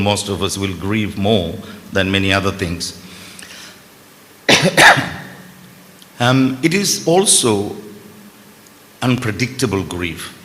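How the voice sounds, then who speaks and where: Male conference speaker, first language Malayalam, lowish voice, casual lecturing manner, long hall echo. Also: a bit bright. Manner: conversational, with self-deprecating asides. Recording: reverberant hall with faint background noise.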